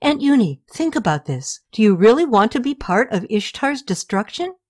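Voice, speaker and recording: A woman's voice: a little high, sing-song, moderate pace, no echo, clean studio sound, voice pushed up. A woman voicing an anxious, defiant young niece. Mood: pleading. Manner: pleading, upset.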